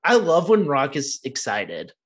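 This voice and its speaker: Lively, slightly high-voiced man asking questions. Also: unhurried, slightly rough. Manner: curious, asks questions. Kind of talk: casual wrestling chat.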